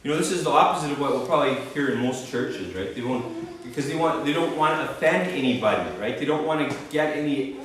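A man's voice: medium pitch, animated, fast talker. A man with a Canadian accent preaching a sermon, emphatic and punctuating his points with "right?" and "okay?". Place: church hall. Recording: very echoey church, distant mic, faint noise.

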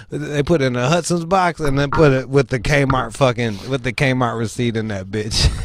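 A man hosting a casual talk show, telling stories in a profane, animated way. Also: medium pitch. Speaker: show host. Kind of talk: casual podcast chat.

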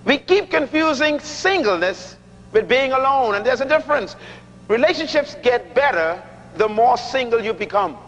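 Middle-aged male preacher, very high voice, emphatic and joking sermon, dull lo-fi sound with long reverb. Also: animated, fairly bright tone. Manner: emphatic, repeats key lines slowly for effect; humorous, teasing the audience. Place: large church hall.

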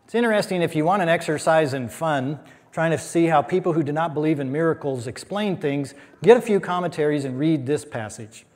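A somewhat high-voiced American man preaches a Bible lesson in a conversational, emphatic way. He adds dry asides. His voice carries a long reverb from a church hall. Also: fairly quick. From United States. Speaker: pastor. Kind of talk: sermon Bible teaching.

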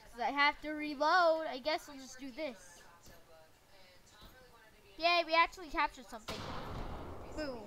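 A woman's voice: sits high, sharp tone. A woman giving playful, goofy commentary while playing a shooting game, shrieking at the action and muttering to herself in between. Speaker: gameplay commentator.

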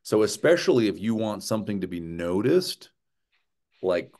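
A man's voice: on the low side, normal speed. A man presenting a writing workshop in a conversational lecture style, often checking in with his listeners. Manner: animated, often checks in with "right?" and "okay?".

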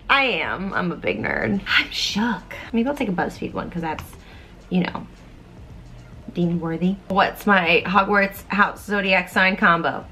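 A young woman vlogging casually through online quizzes, animated and excitable, thinking aloud as she goes. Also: medium pitch, a little slow. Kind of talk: casual quiz vlog.

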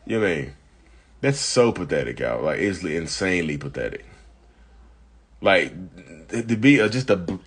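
A man's voice: low voice, breathy edge. A man hosting a casual live chat, reading viewer comments and answering bluntly, still coughing from an illness. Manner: blunt, chatty, addresses viewers as y'all. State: getting over illness, coughing. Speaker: live-stream host.

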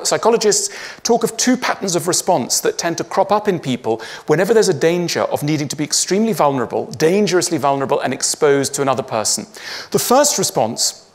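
A man giving a witty stage talk to an audience, acting out the voices he quotes. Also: fairly high pitch. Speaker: public speaker.

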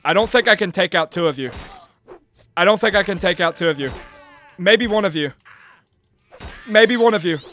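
Young guy doing lets play commentary, kinda high voice, jokey, yells when stuff goes wrong. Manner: excitable, jokey, yelps and shouts in panic. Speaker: gaming YouTuber.

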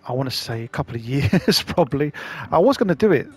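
A man's voice: medium pitch, sing-song, quick pace, slightly rough, faint music behind. A man casually commenting on a video game he is playing for the first time, chatty and rambling. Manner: chatty, rambling, self-deprecating. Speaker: gaming channel host.

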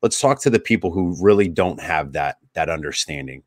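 A man's voice: low-pitched, lively intonation, fairly quick, dry recording, clean studio sound. A man hosting a podcast interview, casual and friendly, asking searching questions and calling his guest bro. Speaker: podcast host. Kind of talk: conversational interview.

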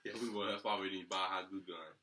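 A man joking around in slangy, lively casual vlog chat. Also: low voice, very fast. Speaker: vlogger. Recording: distant mic with background noise.

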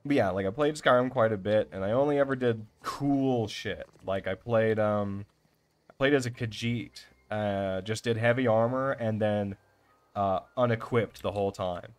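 A young man giving casual, excitable gameplay commentary, swearing often and talking to himself as he plays. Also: on the low side, moderate pace, clean tone. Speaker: let's play gamer.

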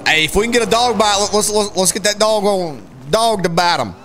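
A man streaming a police role-play game, excitedly calling out a chase, shouting and repeating himself. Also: high voice, a little hiss or hum. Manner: excitable, shouts and laughs, repeats phrases rapidly. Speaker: streamer playing a police deputy.

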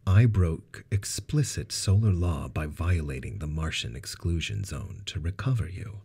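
A man's voice: very deep voice, expressive, measured pace, a little mellow, slightly rough, exaggerated voice. A man voicing an older, commanding male scientist with a grave, buttery, regal delivery.

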